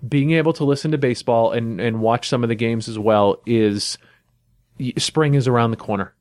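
A man co-hosting a podcast, chatting casually in a relaxed, enthusiastic way. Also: medium pitch, normal speed, dry recording, clean studio sound. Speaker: podcast co-host. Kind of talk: casual chat.

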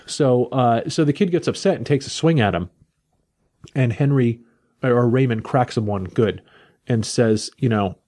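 A man's voice: medium pitch, unhurried, dark tone. A man casually recapping a comic book plot in a rambling way, with frequent restarts.

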